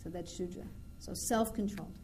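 A woman's voice: lowish voice, a little fast, mellow, a little hiss or hum. A woman giving an informal scripture class, talking conversationally and acting out everyday dialogues. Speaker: spiritual teacher.

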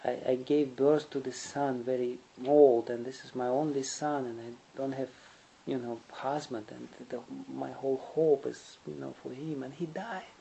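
A man's voice: medium pitch, steady tone, normal speed, creaky, slight background noise, natural voice, low-quality recording. A man voicing a pleading old grieving mother. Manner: pleading, hushed.

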